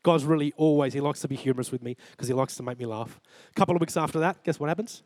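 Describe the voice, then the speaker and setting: Australian man, 40s, sermon, earnest personal storytelling, acts out dialogue, higher-pitched, dry mic. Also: rapid-fire, a little mellow, no room sound. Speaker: preacher. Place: church.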